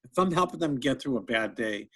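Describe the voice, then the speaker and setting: A male stand-up comedian telling stories and jokes in a chatty, animated way during an interview. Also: medium pitch, a little fast. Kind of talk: casual interview storytelling.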